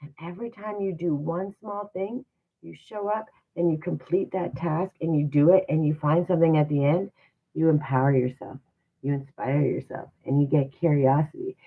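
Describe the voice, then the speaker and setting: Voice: medium pitch, steady tone, moderate pace, breathy edge. Livestream host, motivational, encouraging and repetitive, thin phone-quality audio. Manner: encouraging, repetitive, full of rhetorical questions.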